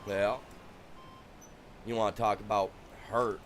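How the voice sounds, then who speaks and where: A man's voice: on the low side, level tone, slow pace, a little hiss or hum. A man, streaming a farming game and telling rambling stories from his youth, full of restarts and "you know". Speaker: gaming streamer. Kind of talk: casual storytelling while streaming.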